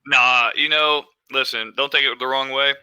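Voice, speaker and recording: A man from the United States, playful and animated in a casual voice chat. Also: mid-range voice, moderate pace, clean tone, no echo.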